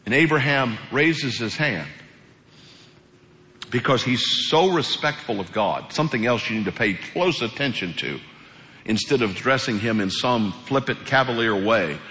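A male pastor preaching a sermon in a church sanctuary. He speaks in a colloquial, animated way and acts out the voices he quotes. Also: mid-range voice, normal speed. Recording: echoey hall reverb.

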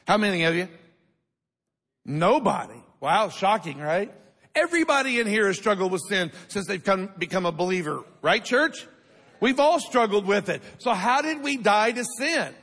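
A man with a high voice preaches a sermon in a church sanctuary. He drives his points home and keeps asking the congregation to answer back. The sound rings with the long reverb of the hall. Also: expressive, normal speed, a bit bright. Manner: emphatic preaching with call-and-response questions to the congregation. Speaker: pastor.

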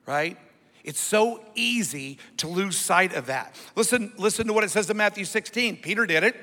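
A man's voice: high-pitched, expressive, normal speed, sharp tone, long reverb tail. A male pastor preaching a sermon, using call-and-response and asking the congregation to repeat words after him.

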